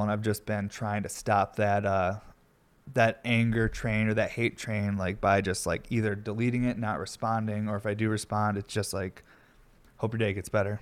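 A man's voice: on the low side, steady tone, a little fast, clean tone. A young man rambling loosely and profanely during a home smoking session, shivering from the cold. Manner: loose, unfiltered, profane, self-deprecating. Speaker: streamer and podcast host. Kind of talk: rambling casual talk.

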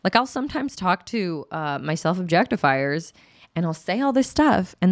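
A woman's voice: lowish voice, big pitch swings, normal speed, no room sound, studio quality. A woman explaining sex and attraction in a candid, chatty way as an educator, acting out quotes with laughs. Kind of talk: casual educational talk to camera.

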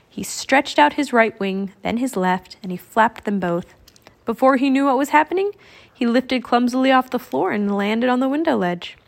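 A woman narrating a children's audiobook with clear, expressive storytelling. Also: fairly high pitch. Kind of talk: audiobook reading.

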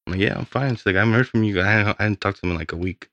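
A man's voice: fairly low pitch, racing, a bit bright, dry recording, muffled recording. A young man, a podcast guest, telling his story in a rambling, casual way with lots of swearing.

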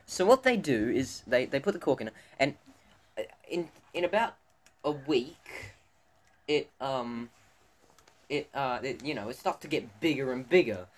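A man's voice: medium pitch, expressive, measured pace. A teenage boy co-hosting a casual podcast, talking in a rambling way with many fillers and restarts. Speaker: podcast co-host. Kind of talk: casual podcast chat among students. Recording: faint background noise.

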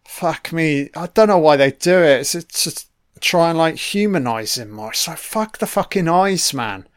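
A man's voice: on the high side, animated, normal speed, clean tone, no room sound, clean studio sound. A man giving a casual, blunt film commentary, swearing constantly and full of opinions.

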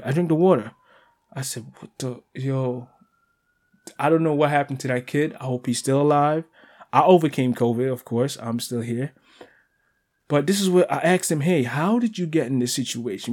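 A man with a New York accent hosting a podcast, telling a rambling story in a casual way and getting animated when he quotes people. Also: medium pitch. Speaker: podcast host.

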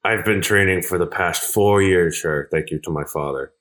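A man's voice: sits low, normal speed, fairly bright tone. A man speaking as his character, a young male dragonborn, formal and respectful toward a commander. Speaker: player.

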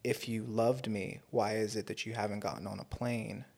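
A young man in his twenties with a lowish voice, chatting casually as a podcast co-host. He speaks bluntly and swears freely. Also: steady tone, normal speed, vocal fry, a little mellow. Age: 20s. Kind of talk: casual chat.

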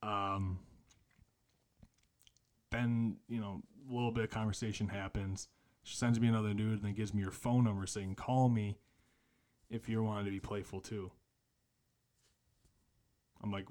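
A man's voice: lowish voice, steady tone, normal speed, long pauses, darkish tone. A tired young man co-hosting a podcast, telling a crude story in casual chat and laughing often. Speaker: podcast co-host.

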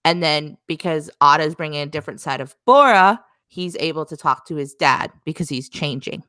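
A woman's voice: deep voice, a little fast, pushed and bright, no room sound, studio quality. A woman co-hosting a casual chat, thoughtful and speculative. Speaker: co-host.

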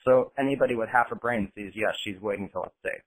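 A man's voice: lowish voice, fast, rough recording. Blunt American man chatting on a podcast. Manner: blunt, animated, swears freely. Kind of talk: casual podcast conversation.

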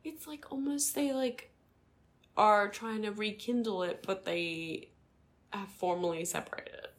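A woman's voice: mid-range voice, measured pace. A woman co-hosting a podcast, chatting casually and swearing freely while recapping a reality show. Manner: swears freely, animated impressions. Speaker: podcast co-host.

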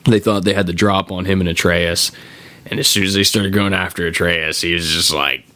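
A man hosting a podcast, swearing and laughing often as he retells a video game story, acting out characters' lines in quick voices. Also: low voice, fairly even intonation, pushed and bright. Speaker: podcast host.

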